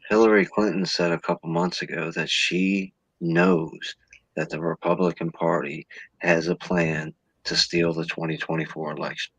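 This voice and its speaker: Man, guest, husky gravelly voice, dry close sound, rants sarcastically. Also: sits low, little pitch movement, moderate pace, a bit bright, dry recording, poor audio. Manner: ranting, sarcastic mock voices. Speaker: podcast guest. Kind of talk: casual political chat.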